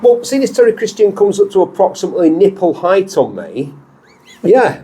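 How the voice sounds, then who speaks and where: Jokey Lancashire man with a husky voice. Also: high voice, big pitch swings, mellow. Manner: jokey, rambling, quick to laugh. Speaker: host. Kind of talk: casual banter in a car. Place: inside a moving car.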